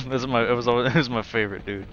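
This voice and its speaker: A man giving casual let's-play commentary, excitable and laughing often as he plays. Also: medium pitch, rapid-fire, lo-fi sound, slight background noise. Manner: excitable, laughs often, slips into joke accents. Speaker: gaming video host. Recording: game music playing behind voice.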